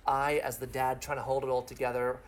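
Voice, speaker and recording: A man's voice: mid-range voice, little pitch movement, fairly quick, a little hiss or hum. A middle-aged man, a pastor, telling a long personal story in a podcast interview through vivid extended metaphors.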